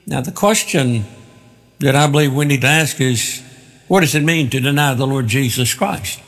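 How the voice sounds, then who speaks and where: A man's voice: mid-range voice, normal speed, fairly bright tone. A male pastor preaching a sermon with an emphatic, repetitive cadence, recorded in a church sanctuary. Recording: long hall reverb.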